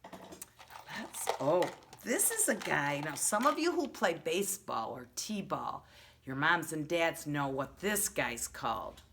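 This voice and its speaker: A woman teaching a virtual preschool lesson to young children, drawing out letter sounds in a slow, exaggerated way. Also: sits low, very animated, creaky, a bit bright, slight background noise.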